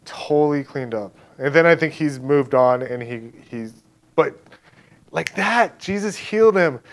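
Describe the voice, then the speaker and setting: He speaks a bit high, with lively intonation, recounting how he came to faith in an easygoing, talkative way. Lots of "like" and "right?" fill his casual storytelling, and he performs others' lines in fast back-and-forth.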